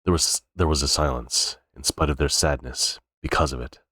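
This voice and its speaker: A man's voice: a bass voice, moderate pace, fairly bright tone, breathy edge, no echo, clean studio sound. A man reading a novel aloud unrehearsed, stumbling and restarting words now and then. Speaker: reader. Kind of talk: cold-read audiobook narration.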